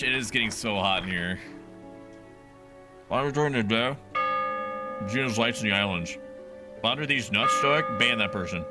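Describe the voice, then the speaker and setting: A man's voice: mid-range voice, expressive, moderate pace, pushed and bright. Profane, rambling man streaming a game. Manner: rambling and profane, talks to chat. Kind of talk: casual gameplay commentary. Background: game music.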